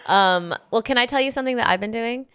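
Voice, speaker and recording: A woman co-hosting a comedic parenting podcast, talking in an animated, rambling way with many restarts. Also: a little high, quick pace, smooth, no room sound. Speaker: podcast co-host. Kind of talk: casual comedic chat.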